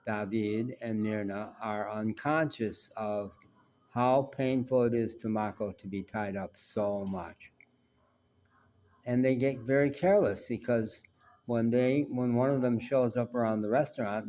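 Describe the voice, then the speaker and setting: Candid rambling male vlogger, lowish voice. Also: darkish tone. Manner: rambling, candid, self-reflective. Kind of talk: casual personal storytelling.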